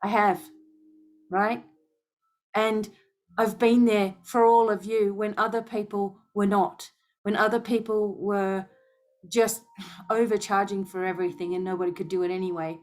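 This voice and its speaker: Here a woman with a mid-range voice plays a spiritual healer giving an intense, emphatic talk to followers, punctuated by rhetorical questions and a repeated "okay?". Her delivery is flat and a bit slow, with frequent pauses.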